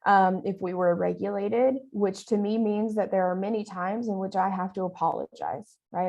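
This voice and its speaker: A woman's voice: mid-range voice, fairly even intonation, normal speed, creaky, hardly any pauses, darkish tone, highs cut off. A woman leading a training session, talking in a conversational way and often checking in with "right?". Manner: talks with her arms. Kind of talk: training presentation.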